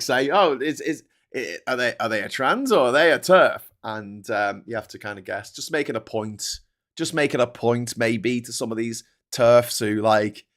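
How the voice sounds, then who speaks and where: A man hosting a livestream, reading viewer comments and ranting with heavy swearing and frequent laughter. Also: mid-range voice. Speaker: host. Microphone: desk microphone.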